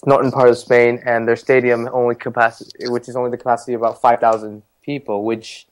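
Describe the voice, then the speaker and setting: Male podcast co-host, casual and jokey, mid-pitched, runs through scores. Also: flat delivery, quick pace. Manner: jokey, chatty. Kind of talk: casual chat recapping league results.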